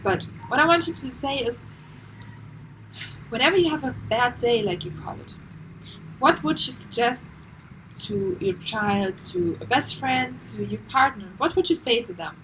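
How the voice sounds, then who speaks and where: A woman's voice: fairly high pitch, expressive, a little slow, a bit bright, slight background noise, low-quality recording. A woman giving earnest, casual self-help advice, repeating herself and acting out the voices in her head. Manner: earnest, repetitive, acts out inner voices.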